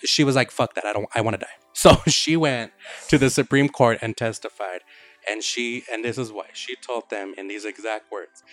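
A man's voice: on the low side, normal speed, dry recording, soft background music. A man hosting a podcast, casually retelling a story with lots of swearing and quoted voices. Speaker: podcast host.

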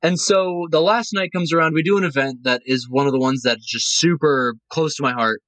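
A man tells a heartfelt story in a fairly high voice, animated and openly emotional. He acts out other people's voices as he goes. The sound is dry and close, with no room around it. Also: brisk, no room sound, low-quality recording. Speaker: guest, cruise line cast member. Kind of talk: casual podcast storytelling.

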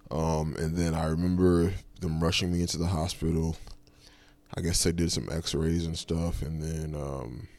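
Very deep, gravelly man telling a story. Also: flat delivery, normal speed, darkish tone, no echo. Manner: loose, rambling retelling with many fillers. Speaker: podcast host. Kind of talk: casual personal storytelling.

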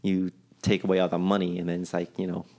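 A man's voice: low-pitched, monotone, quick pace, warm tone. A man co-hosting a podcast, chatting casually and airing loose, opinionated views with some profanity. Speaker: podcast co-host. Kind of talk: casual chat.

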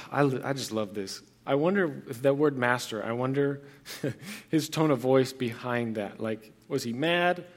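A man's voice: mid-range voice, measured pace. Young male pastor, casual sermon. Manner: casual, earnest, conversational preaching with frequent restarts.

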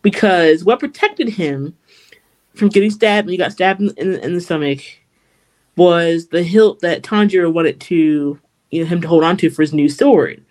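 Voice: medium pitch, normal speed, darkish tone. A podcast co-host chatting casually about an anime, animatedly retelling scenes and acting out the characters' lines.

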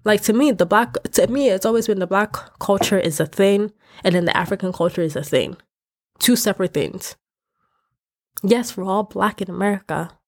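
A woman's voice: mid-range voice, normal speed. Young woman vlogger, loose talk-to-camera rant, rambling and self-correcting, emphatic when worked up. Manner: expressive, rising to emphatic outbursts. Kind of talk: casual talking-to-camera rant.

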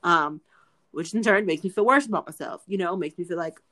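A woman's voice: on the low side, brisk, a bit bright. A young adult woman co-hosting a podcast in casual chat, talking earnestly and repeating her pleas. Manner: earnest, pleading, repeats herself. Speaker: podcast co-host.

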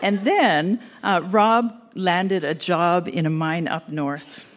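A woman's voice: on the low side, slow pace. An older woman reading her old letters aloud to an audience, sweet and earnest with a teasing edge.

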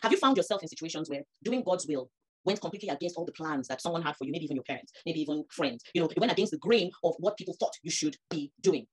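A woman's voice: low voice, fast talker, husky. A woman, preaching a sermon that rises to emphatic peaks. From Nigeria. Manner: animated, rising to emphatic peaks.

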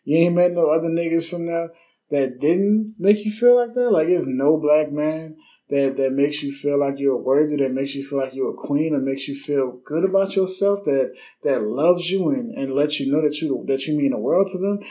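Blunt young man, mellow solo podcast talk. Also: on the high side, normal speed, rough recording. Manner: casual, blunt, swears freely, many fillers. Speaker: podcast host.

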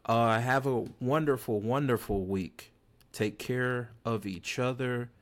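A man hosts a podcast in a relaxed, joking way, loose with his slang and a little tipsy from drinks. His voice sits at an ordinary middle pitch. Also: takes it slowly. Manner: laid-back, slangy, joking. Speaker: podcast host. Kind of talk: casual chat.

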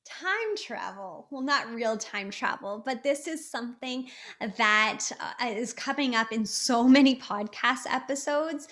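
A woman's voice: a little high, a little slow, a bit bright. Chatty upbeat woman podcast host. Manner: upbeat, chatty, many fillers and restarts. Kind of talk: casual motivational talk.

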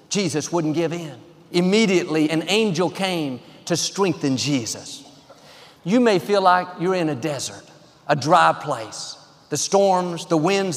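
High-voiced preaching man in a big hall. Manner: encouraging, declarative preaching in short rhythmic phrases. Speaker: pastor. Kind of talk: sermon.

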